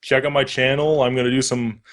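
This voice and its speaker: A man joining a gaming show as a guest over an internet call. He talks loosely and easily, chuckling along with the host. His voice sits at an ordinary middle pitch. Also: level tone, brisk. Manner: easygoing, laughing along. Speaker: guest game video maker.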